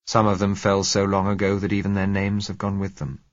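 A man reading a first-person novel aloud as narrator, measured and somber. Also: low-pitched, completely flat delivery, no echo. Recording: dry, slightly dull audio.

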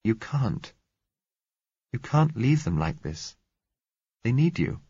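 A man reading the part of a quiet young woman under twenty, speaking a little unsteadily. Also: medium pitch, very animated, takes it slowly, creaky, breathy edge, dry recording, pitched above the performer's own voice, heavily acted. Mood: urgent pleading. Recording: dull lo-fi recording.

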